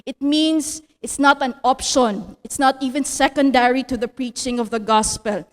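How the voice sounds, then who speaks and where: A Filipino woman lectures as a theology teacher, her voice pitched high and her sentences often ending in a questioning "no?". She slips Tagalog words into her talk. The sound carries a long reverb, like a large hall. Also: fairly even intonation, moderate pace. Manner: tag "no?" after phrases, mixes in Tagalog.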